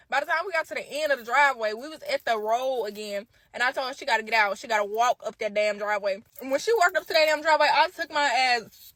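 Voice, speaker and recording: A woman telling a story in a casual, animated way, swearing freely and talking straight to her viewers. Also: sits high, dry recording.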